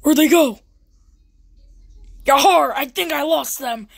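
Woman as a jittery pirate fox robot in a fan plush video; high voice, slow and dry. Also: gravelly, heavily acted. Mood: frantic. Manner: pirate talk, frantic pleading. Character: panicky pirate fox animatronic, male. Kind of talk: fan plush-toy drama.

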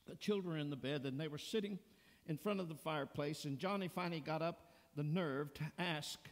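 A man preaching a sermon as pastor, telling a story slowly and deliberately. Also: on the high side. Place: church sanctuary. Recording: long church reverb.

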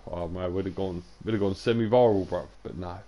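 Gravelly young man streaming, tired. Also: sits low, a little fast, mellow, slight background noise. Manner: loose, sweary banter to chat, drifting into sing-song and whispers. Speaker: game streamer. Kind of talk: live gameplay stream chatter.

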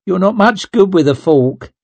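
A man's voice: sits high, expressive, normal speed, gravelly, a little mellow, no room sound, voice pushed up, exaggerated voice. A man voicing a blunt, cheeky young woman in an audiobook, teasing and plain-spoken.

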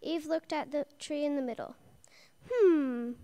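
Lady reading a kids' bible story, high voice, lively, puts on little voices for the characters. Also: fairly quick.

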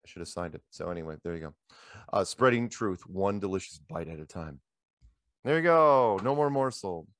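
Middle-aged male host, low voice, dry close sound, animated rambling storyteller. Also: moderate pace, dry recording. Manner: animated, rambling anecdotes with repeated "he goes". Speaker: show host. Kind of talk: casual storytelling chat. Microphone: handheld microphone.

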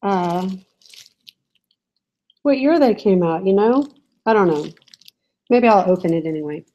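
A woman's voice: mid-range voice, lively intonation, measured pace, warm tone, highs cut off. A woman chatting casually on a home live stream, giggling and reading viewer comments aloud. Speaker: reseller vlogger. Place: home, in a room with barking dogs.

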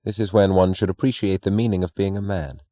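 A man voicing a composed young male aristocrat who speaks with calm, quiet composure, in an audiobook reading. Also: sits low, brisk, no echo, natural voice. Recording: dry, dull lo-fi recording.

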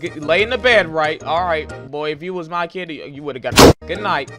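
Slangy high-voiced man playing a game. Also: normal speed. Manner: slangy, laid-back, chatty. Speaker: gaming YouTuber. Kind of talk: casual gameplay commentary. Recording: gameplay video with game music.

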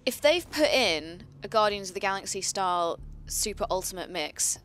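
A woman's voice: mid-range voice, animated, normal speed, a bit bright, slight background noise. A young woman chatting casually while playing a video game, chatty and giggly. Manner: chatty, giggly, does playful silly voices. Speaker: let's play co-host. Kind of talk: casual gameplay chat.

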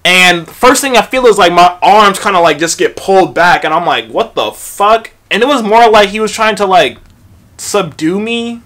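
A man's voice: high voice, normal speed. Profane young man telling a storytime. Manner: profane, animated retelling with acted-out quotes. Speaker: vlogger. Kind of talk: storytime vlog.

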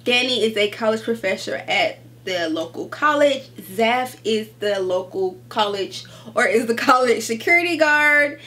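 A woman's voice: on the high side, measured pace, few pauses. Gushing woman chatting about books. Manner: animated, gushing, addresses viewers as y'all. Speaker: book vlogger. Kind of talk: casual book haul chat.

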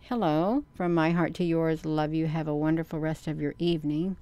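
A woman's voice: low voice, fairly even intonation, normal speed, warm tone. Folksy rambling woman streamer. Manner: folksy, rambling, says "you all" and "honey". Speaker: livestream host. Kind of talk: casual livestream chat reading comments.

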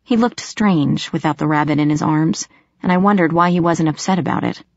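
Female audiobook narrator, first person; lower voice, tense and sharp-edged, close dry recording. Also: brisk, no room sound. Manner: tense storytelling, sharp snapping in dialogue. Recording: slightly dull lo-fi audio.

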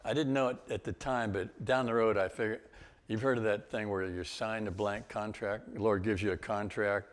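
An older man giving a guest-speaker testimony, telling his story in a lively way with laughs and sudden exclamations. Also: fairly low pitch, moderate pace. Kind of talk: testimony talk.

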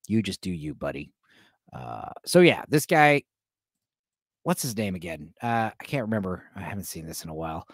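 A man's voice: medium pitch, no room sound, clean studio sound. A man hosting a casual watch-along, joking and rambling to his chat with many fillers. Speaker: host reacting to a film for a live chat.

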